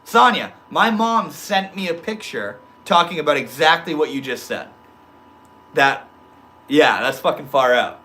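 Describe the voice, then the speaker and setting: A young man hosting a casual livestream from home, reading chat comments aloud and reacting with easygoing slang and swearing, dropping from soft murmurs to sudden loud excited outbursts. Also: on the high side, a little slow. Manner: swears casually, laid-back stoner slang.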